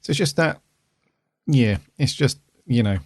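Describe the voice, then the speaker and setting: A man's voice: medium pitch, expressive, a little slow, darkish tone, no echo, studio quality. A middle-aged man co-hosting a podcast, rambling casually with lots of fillers and restarts. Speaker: podcast co-host. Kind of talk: casual chat.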